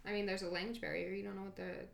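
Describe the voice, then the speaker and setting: A woman co-hosting a podcast in casual chat, tossing in dry, deadpan jokes. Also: medium pitch, rapid-fire, creaky, a little hiss or hum. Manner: joking, deadpan asides. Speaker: podcast co-host.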